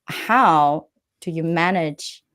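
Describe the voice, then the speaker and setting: Low-voiced woman coaching entrepreneurs. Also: extremely slow, a bit bright, clear, resonant tone. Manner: earnest advice-giving, frequent tag "right?". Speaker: guest business coach. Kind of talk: interview answers.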